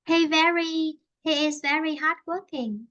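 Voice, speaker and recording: A woman with a Vietnamese accent teaching an online English lesson, explaining slowly in simple English and repeating herself. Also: high-pitched, a bit bright, highs cut off, soft background music.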